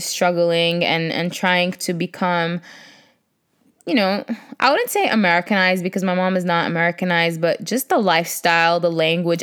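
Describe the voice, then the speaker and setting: A young woman from Iraq telling a story in casual, animated, profane chat. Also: fairly low pitch, clear, resonant tone. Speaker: vlogger.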